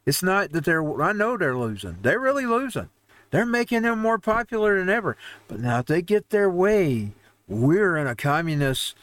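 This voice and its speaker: A man's voice: high-pitched, fairly bright tone, no echo. A man hosting a home-made show, ranting over news headlines in a heated, rambling way with frequent restarts. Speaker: host. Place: home newsroom studio.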